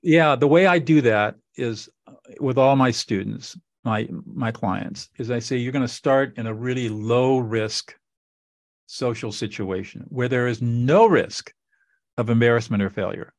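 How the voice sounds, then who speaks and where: A man's voice: medium pitch, a little slow, dry recording. Give me a middle-aged man hosting an interview, earnest and instructive, in a dry, close recording. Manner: earnest, instructive, repeats phrases for emphasis. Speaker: podcast host. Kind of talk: conversational interview.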